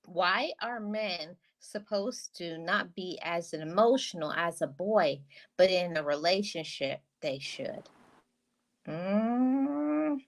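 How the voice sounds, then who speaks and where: A woman's voice: on the low side, expressive, slow. Earnest woman podcast host. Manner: earnest, repeats words when starting a thought. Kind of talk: casual podcast conversation.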